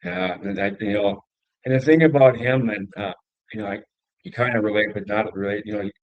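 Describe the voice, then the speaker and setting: A man's voice: mid-range voice, fairly quick, creaky, no echo, highs cut off. Middle-aged Minnesota man hosting a chat. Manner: conversational, meandering with fillers. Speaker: interview host. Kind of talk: casual interview.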